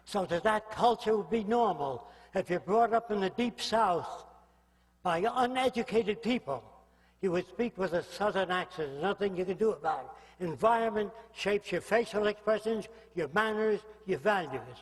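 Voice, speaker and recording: An older man delivers a public lecture in a blunt, provocative way, often pausing to ask his listeners whether they follow. His voice sits high for a man. Long reverb from the hall trails behind his words. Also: animated.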